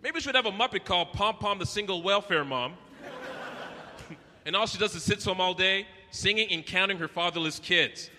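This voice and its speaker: At a live venue, a man from Canada delivers a profane, brash comedy routine, acting out voices. His voice sits high, pushed and bright, at normal speed, and the sound echoes through the hall along with faint noise.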